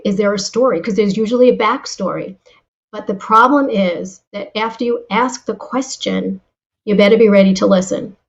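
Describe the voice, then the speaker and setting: A woman being interviewed as a guest speaker, telling stories in a lively way and repeating words as she starts her thoughts. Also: medium pitch, dull audio. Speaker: guest, sales and leadership speaker. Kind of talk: interview answers with personal stories.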